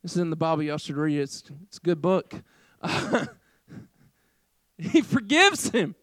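A middle-aged man, preaching a sermon in a casual, conversational way with lots of fillers, swinging between loud emphasis and quiet asides. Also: fairly high pitch, big pitch swings, unhurried, dry recording. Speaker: pastor.

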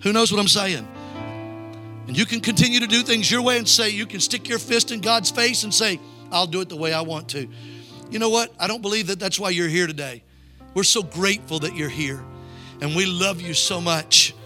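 Male evangelist, high bright voice, call-and-response sermon over soft music. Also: normal speed. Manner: call-and-response preaching, urging the crowd to repeat lines. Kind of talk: revival sermon. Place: church sanctuary.

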